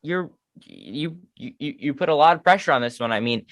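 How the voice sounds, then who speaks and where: A man's voice: on the high side, expressive, a little fast, a bit bright, dry recording, studio quality. A man co-hosting a casual fan podcast, chatting enthusiastically and poking fun at himself. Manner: enthusiastic fan talk, self-deprecating. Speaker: podcast co-host. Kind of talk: casual chat.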